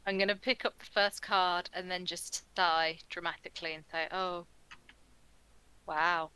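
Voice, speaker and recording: A woman's voice: fairly low pitch, fairly even intonation, normal speed, pushed and bright, clean tone. A woman playing a tabletop game, describing her character's actions. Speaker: player.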